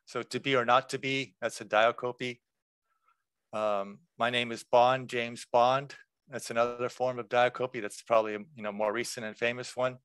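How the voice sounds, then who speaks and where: A man presenting a workshop lecture in a relaxed, conversational way, explaining terms with examples. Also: mid-range voice, normal speed, clear, resonant tone, dry recording.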